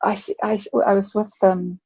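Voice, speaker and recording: Older woman, grandmother, podcast guest, gravelly husky voice, animated storyteller, dry dull recording. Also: medium pitch, moderate pace, no room sound. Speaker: guest expert. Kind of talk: podcast conversation.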